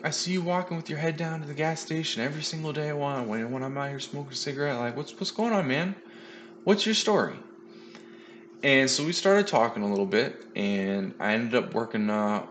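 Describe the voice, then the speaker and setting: A man sharing a personal story of a dark time, halting and full of fillers and restarts. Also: low-pitched, slight background noise. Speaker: podcast host sharing his story.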